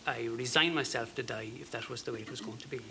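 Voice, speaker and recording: Irish guy in his 50s, gravelly bright voice, earnest halting story, some bits near whispered. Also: medium pitch, a little hiss or hum. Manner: earnest, halting, with fillers and soft dropped phrases. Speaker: guest. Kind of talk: personal storytelling.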